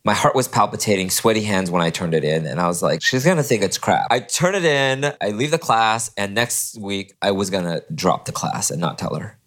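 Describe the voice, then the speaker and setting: A man in his forties from California, a podcast guest telling his personal story in an animated way and acting out the people he quotes. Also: normal speed, few pauses. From California, USA. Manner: animated, acts out quoted people with sudden high voices.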